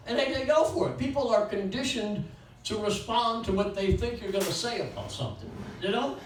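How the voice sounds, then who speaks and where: A man's voice: high voice, animated, a little fast, slight background noise. Rambling older man doing crude stand-up. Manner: rambling, crude, jumping between one-liners. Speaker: stand-up comedian. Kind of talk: stand-up comedy at an open mic. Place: small bakery venue with few people. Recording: roomy echo from a distant mic, faint ambience.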